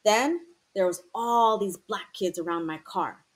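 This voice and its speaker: A woman's voice: mid-range voice, measured pace, natural voice. Woman voicing a scared, slangy teenage boy. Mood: tense. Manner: slangy, tense storytelling. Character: troubled teenage boy telling a painful story.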